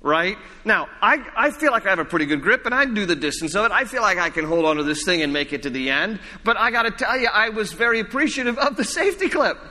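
Male pastor, chatty sermon delivery with jokes, high voice, reverberant church. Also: lively intonation, fast, hardly any pauses, bright, forceful tone. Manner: conversational, repetitive preaching with humor.

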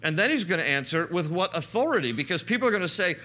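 A man's voice: fairly high pitch, very animated, fast talker, hardly any pauses, bright, forceful tone. A man preaching a conversational sermon as a pastor, teaching through a passage and rising in emphasis when he quotes.

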